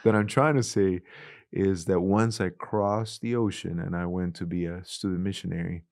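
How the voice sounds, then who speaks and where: A middle-aged man with a Spanish-influenced accent, a youth ministries director telling animated stories in an interview and acting out the dialogue. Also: low voice, normal speed, creaky, dry recording, studio quality. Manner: animated storyteller, acts out quoted dialogue. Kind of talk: conversational interview.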